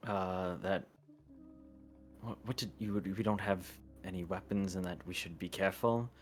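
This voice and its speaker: A man with a very deep voice, a player in a tabletop game, earnestly narrating his character's actions. His tone stays plain and direct. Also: steady tone, normal speed, faint music behind.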